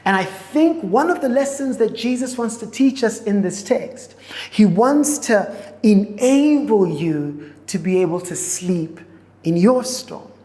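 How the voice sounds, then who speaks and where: A woman pastor preaching a sermon in a church auditorium. She speaks in slow, repeated phrases and often restarts her sentences. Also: mid-range voice, expressive, mellow. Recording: echoey hall with long reverb.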